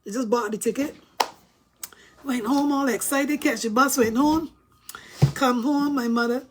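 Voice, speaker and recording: Bajan woman vlogger with a fairly high voice, chatty storyteller who laughs a lot. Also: unhurried, slight background noise. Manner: chatty, laughs often, addresses viewers as guys. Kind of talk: casual storytelling to camera.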